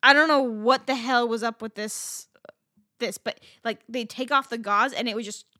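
Bright, animated woman telling a story. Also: fairly high pitch, normal speed, no echo, studio quality. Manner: animated storytelling with frequent swearing and fillers. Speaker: podcast co-host. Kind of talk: casual chat.

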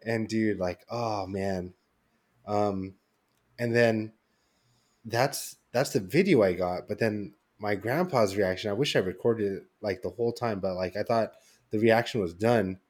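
A young man with a somewhat low voice chats loosely on a podcast. He tells his story in loose, meandering fashion, stopping and restarting often and leaning on filler words. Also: a little slow, a little mellow. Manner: rambling storytelling with many fillers. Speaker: podcast co-host. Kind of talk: casual chat.

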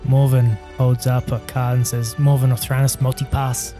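Guy playing a tabletop game, mellow dark voice, polite in character. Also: medium pitch, level tone, normal speed, faint music behind. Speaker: player. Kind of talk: tabletop game role-play.

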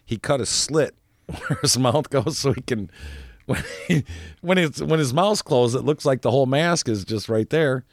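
A man's voice: medium pitch, lively intonation, normal speed, dry recording, clean studio sound. A man co-hosting a casual chat show who rambles through stories, laughs often and trips over his words. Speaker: co-host. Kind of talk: casual radio-style chat.

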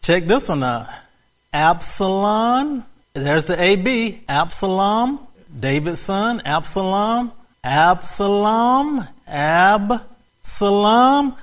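A male pastor preaches in a high, sing-song voice at a slow pace. He keeps repeating key words with strong emphasis and now and then bursts out laughing.

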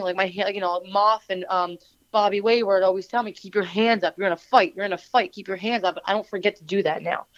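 A woman wrestler and manager from New Jersey, speaking with a New Jersey accent, answers interview questions in a chatty, rambling manner packed with fillers and restarts. Her voice is mid-range, and the recording is muffled with no room sound.

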